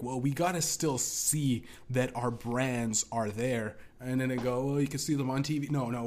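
This young solo podcaster has a mid-range, slightly mellow voice. He goes off on a casual, rambling rant packed with swearing, restarts, and chuckling side comments.

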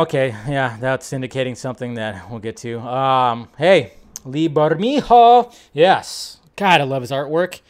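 Animated man hosting a film livestream. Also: fairly high pitch. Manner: animated, swears often, loud bursts. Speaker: host. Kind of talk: casual livestream chat.

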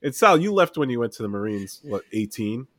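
A man's voice: medium pitch, brisk. A man in his thirties from New Jersey, co-hosting a casual chat and telling stories with lots of laughter and swearing. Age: 30s. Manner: animated storyteller, laughs often, swears. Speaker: podcast co-host.

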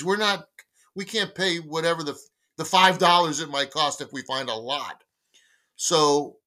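A man in his sixties, a guest on a talk show, telling a long anecdote and acting out the dialogue of the people in it. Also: on the high side. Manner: lively storyteller acting out dialogue. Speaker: guest, baseball magazine editor. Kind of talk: storytelling anecdote in conversation.

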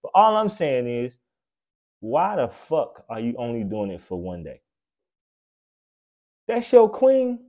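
A man hosting a podcast, delivering a blunt, profane, preachy comedic rant that swings between loud outbursts and low mutters. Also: very animated, unhurried. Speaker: podcast host.

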